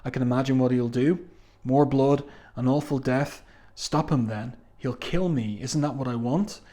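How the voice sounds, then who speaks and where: A man's voice: medium pitch, normal speed, dark tone, natural voice. A man reading the lines of a despairing adult male writer, in his own voice. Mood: anguished.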